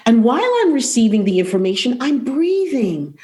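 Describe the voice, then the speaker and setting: A middle-aged woman, a vocal coach, talking as a podcast guest in an expressive, rhythmic way, repeating phrases for emphasis. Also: a little high, moderate pace, soft background music. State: emotional, close to tears.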